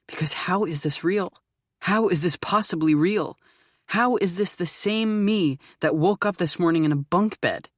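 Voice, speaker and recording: A man's voice: fairly high pitch, no echo, clean studio sound. A man narrating an audiobook in first person, earnest and at times nervously rambling. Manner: earnest, rising into anxious rambling.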